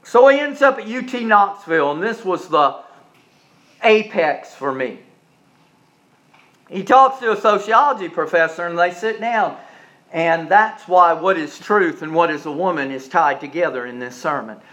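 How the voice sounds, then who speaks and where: High-voiced preacher telling a dramatic story. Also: male voice, expressive, normal speed. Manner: dramatic storytelling, swinging from loud to hushed. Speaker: pastor. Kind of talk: sermon. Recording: dull lo-fi recording.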